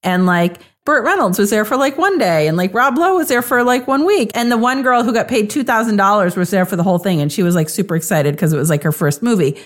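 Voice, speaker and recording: Female panelist, mid pitch, casual filler-heavy chat. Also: expressive, fast talker, hardly any pauses. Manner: chatty, many fillers. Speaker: podcast panelist.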